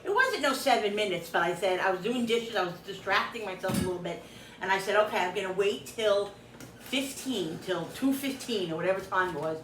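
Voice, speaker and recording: A middle-aged woman chats while cooking in her kitchen, retelling a frustrating story in an animated, exasperated way and acting out the other people in it. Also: mid-range voice, fairly quick. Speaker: cooking vlogger. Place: home kitchen. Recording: echoey room, distant mic, background hum.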